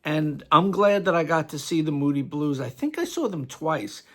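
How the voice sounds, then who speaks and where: A man's voice: fairly high pitch, sing-song, normal speed. A middle-aged man from New York with a New York accent, chatting in a rambling, reminiscing way as a music vlogger paying tribute. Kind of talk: casual tribute monologue.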